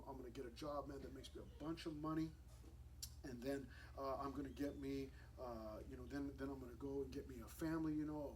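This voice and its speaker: A young man, a youth pastor, preaching a sermon at a church service in a lively, casual storytelling way with slang. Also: a little high. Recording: distant mic with faint room noise.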